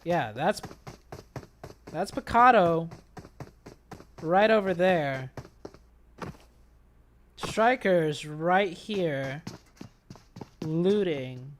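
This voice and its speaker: A man casting a mobile shooter tournament play-by-play, excitable, with bursts on big plays, tired from an early start. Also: on the high side, very slow, long pauses, slight background noise. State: tired, yawning. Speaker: esports caster. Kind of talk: play-by-play commentary.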